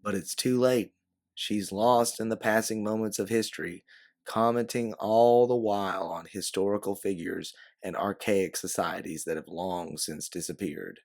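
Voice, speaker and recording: Audiobook narrator: man, lower voice, even storytelling. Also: measured pace. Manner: steady, descriptive storyteller. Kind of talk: second-person audiobook narration.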